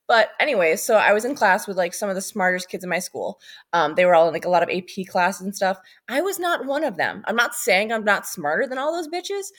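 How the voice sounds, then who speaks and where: A woman's voice: mid-range voice, sing-song, fairly quick, fairly bright tone. A woman co-hosting a casual podcast, chatty and rambling, swearing freely and drifting into asides. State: pregnant. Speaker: podcast co-host. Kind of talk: casual chat.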